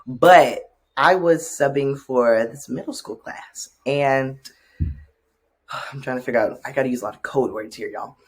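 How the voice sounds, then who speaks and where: A man who works as a teacher, co-hosting a podcast and telling stories from class in casual chat, animated and often trailing off quietly. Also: mid-range voice, unhurried, slightly rough.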